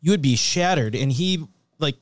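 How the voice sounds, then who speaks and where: A man's voice: a little high, animated, moderate pace, dry recording. A man co-hosting a true-crime podcast, reflecting aloud on the case. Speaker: podcast co-host. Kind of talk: investigative podcast interview.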